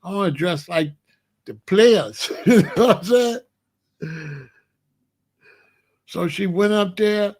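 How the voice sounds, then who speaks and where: A man tells a story in a loose, chatty way, laughing as he goes. His voice sits fairly high for a man. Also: slow, long pauses. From Alabama, US. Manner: animated, chatty, laughs often. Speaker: host. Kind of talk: casual storytelling.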